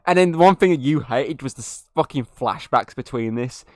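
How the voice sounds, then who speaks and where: A man's voice: mid-range voice, lively intonation, fairly quick, darkish tone, dry recording, clean studio sound. A man hosting a podcast, reviewing a movie in casual chat, swearing freely and laughing at scenes. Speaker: podcast host.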